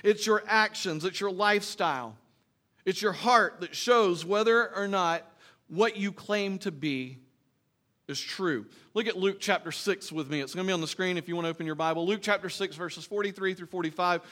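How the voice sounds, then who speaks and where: A man's voice: high-pitched, moderate pace, fairly bright tone. A man preaching a sermon to his congregation in a conversational way, reading scripture and asking rhetorical questions. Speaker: pastor.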